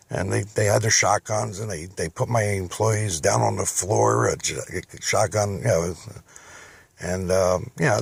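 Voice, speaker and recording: A middle-aged man tells his own story in a rough, gravelly voice with a husky edge. He talks casually and gets indignant, his voice rising when he quotes what he said. The recording is close and dry, with no room sound. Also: lowish voice, dry recording. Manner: indignant, animated when quoting himself. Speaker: business owner telling his story. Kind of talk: casual first-person storytelling.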